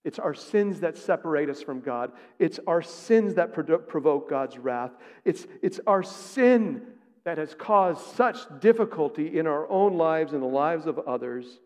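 A man's voice: a little high, lively intonation, a little slow. A man preaching a sermon as pastor, speaking emphatically and putting rhetorical questions to his congregation. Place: church sanctuary. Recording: long reverb of a large sanctuary.

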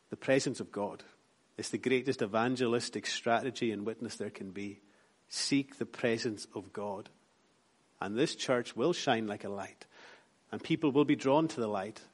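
A Scottish man preaches from the pulpit. He builds his points through repeated emphatic lines, then lets his voice fall soft and low. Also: a little slow, long pauses, breathy edge. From Scotland. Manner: rhythmic, repetitive preaching with rising emphatic lines and soft drops. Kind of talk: sermon.

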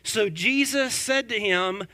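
A male pastor preaching a sermon, lively and conversational, firing off rhetorical questions and joking asides to his congregation. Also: sits high, slow.

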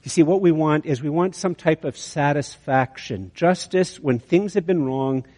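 A man preaching, his voice sitting slightly high for a man. He tells a sermon story with lively restarts and repeated words. Long reverb trails after him, as in a big hall. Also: normal speed. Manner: storytelling, animated with many restarts. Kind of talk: sermon illustration.

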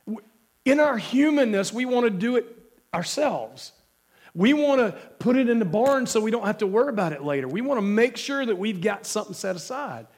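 A man's voice: high-pitched, expressive, fairly quick, darkish tone. A male pastor with a cold preaching a sermon, emphatic and asking the congregation questions. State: has a cold.

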